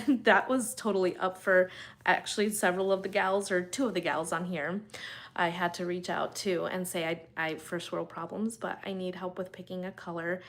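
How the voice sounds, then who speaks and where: A woman in her thirties hosts a casual live stream from her bedroom, talking straight to her viewers. Her voice sits a little low, and she rambles in a loose, chatty, openhearted way. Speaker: channel host.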